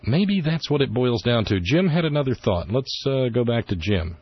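A man's voice: mid-range voice, sing-song, moderate pace, breathy edge, dull audio. A man hosting a talk radio show, with wry, rambling opinion talk and sarcastic asides, at a studio microphone.

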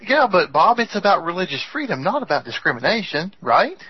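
A man's voice: sits high, big pitch swings, a little fast, slightly rough, no room sound, dull audio. A man co-hosting a political radio talk show, wry and agreeable.

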